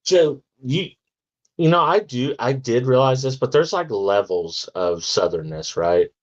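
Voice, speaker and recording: A man from Arkansas co-hosting a casual podcast, talking in halting restarts. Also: medium pitch, lively intonation, highs cut off. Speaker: podcast co-host. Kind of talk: casual chat.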